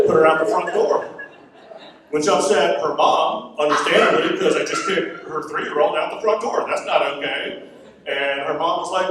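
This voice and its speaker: A man's voice: on the high side, normal speed, noisy background. A man in his forties doing a stand-up comedy set on stage, chatty and self-mocking with rambling asides. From Florida. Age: 40s. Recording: roomy venue sound from a distance. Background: audience laughter.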